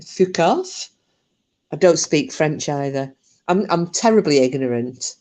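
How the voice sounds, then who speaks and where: A woman's voice: low voice, lively intonation, normal speed, mellow. A woman hosting her channel, casually retelling a true story, chatty, swearing freely and laughing often.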